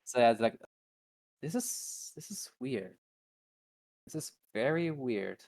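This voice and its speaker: A man's voice: medium pitch, lively intonation, slow, creaky, darkish tone. A man playing in a tabletop game, talking in a hesitant, stammering way. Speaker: player. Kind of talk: casual tabletop play.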